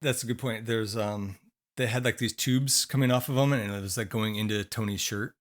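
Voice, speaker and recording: A man's voice: fairly low pitch, steady tone, normal speed. A man co-hosting a podcast in casual chat, rambling with fillers while losing his voice. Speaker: podcast co-host.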